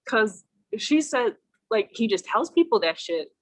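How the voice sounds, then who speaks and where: A woman's voice: on the high side, a little slow. A woman guest on a casual online talk show, telling stories with lots of swearing and acted-out quotes. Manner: profane, animated storytelling with acted-out quotes. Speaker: podcast guest. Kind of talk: casual storytelling chat. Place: home, remote call.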